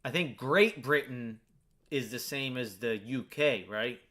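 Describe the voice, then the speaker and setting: A man's voice: mid-range voice, a little slow, fairly bright tone. An American man chatting in a rambling, filler-heavy way while playing a video game. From United States. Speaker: gaming streamer.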